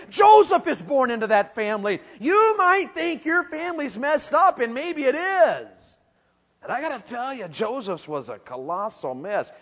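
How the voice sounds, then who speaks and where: A man preaching a sermon, telling a story with animated energy, asking the crowd questions and building to shouts. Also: medium pitch, big-room sound. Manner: asks the audience questions.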